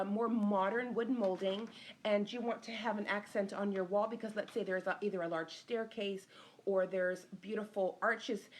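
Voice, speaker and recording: Chatty woman teaching a live design lesson. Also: medium pitch. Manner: chatty, greets viewers by name mid-talk. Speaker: interior designer hosting a live stream. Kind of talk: casual live-stream design tutorial.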